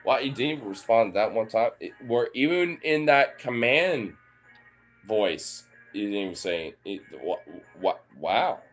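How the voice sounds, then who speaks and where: Slow-talking man teasing his dogs. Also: fairly low pitch, animated, faint music behind. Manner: playful, swearing, teasing. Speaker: dog owner vlogger. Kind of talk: casual talk to his dogs.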